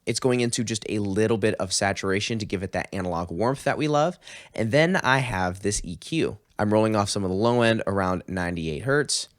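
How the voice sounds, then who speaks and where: A man with a fairly low voice walks through a song mix as a tutorial host. He talks in an upbeat, explanatory way, one setting at a time, recorded dry and close on a studio mic. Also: brisk, no room sound. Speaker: mixing engineer teaching a tutorial. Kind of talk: screen-recorded music production tutorial.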